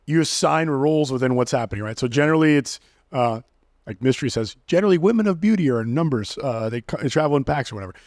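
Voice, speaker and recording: A man in casual podcast chat, talking fast and acting out pickup lines as he explains them. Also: medium pitch, expressive, darkish tone, no room sound, studio quality. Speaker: guest dating coach.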